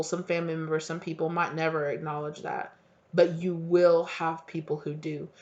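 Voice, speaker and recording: In a mid-range voice, a tarot reader rambles through a casual reading, heartfelt and full of fillers with the occasional swear. The audio sounds dull and lo-fi.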